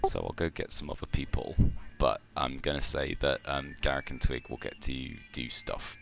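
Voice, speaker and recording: Very deep-voiced male game master. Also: expressive, creaky, fairly bright tone, faint music behind. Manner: halting, meandering descriptions. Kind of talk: narrating a tabletop game.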